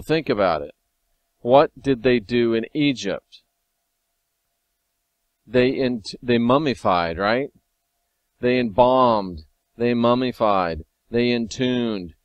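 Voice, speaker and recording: Low-voiced man in a casual video monologue. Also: no echo. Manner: conversational, wry, sometimes excited. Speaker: video host. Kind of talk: casual monologue reading scripture.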